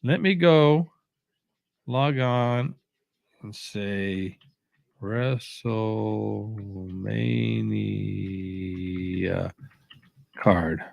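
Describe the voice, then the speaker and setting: A man hosting a watch-along, rambling casually with strong opinions, halting often with fillers and restarts, sounding sleepy. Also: lowish voice, vocal fry, darkish tone, no room sound, lo-fi sound, soft background music. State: sleepy, yawning.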